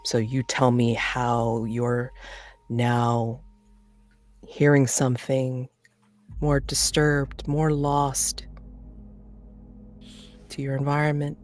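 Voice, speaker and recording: Slow, halting game master. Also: medium pitch. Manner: hesitant, many restarts, bursts of excited laughter. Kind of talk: running a tabletop game.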